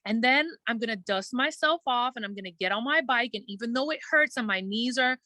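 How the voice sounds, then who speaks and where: A woman guest in a casual interview, telling her story earnestly and quickly, acting out her own thoughts and using many "like" fillers. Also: on the high side, pushed and bright, no room sound. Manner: earnest, fast storytelling with quoted self-talk and many "like" fillers. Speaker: guest entertainer.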